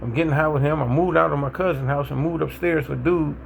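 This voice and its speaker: A middle-aged man casually telling his own recovery story with a Milwaukee accent, animated and acting out what people said. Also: fast talker, gravelly, a little hiss or hum. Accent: Milwaukee, African American Vernacular English. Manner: animated, acts out quotes, rises to excited high pitch in tense moments.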